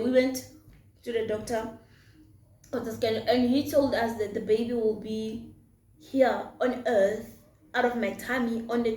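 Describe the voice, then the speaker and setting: Chatty young woman, echoey room. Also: on the high side. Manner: chatty, animated, mixes in Setswana phrases. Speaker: vlogger. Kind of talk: storytime vlog while eating.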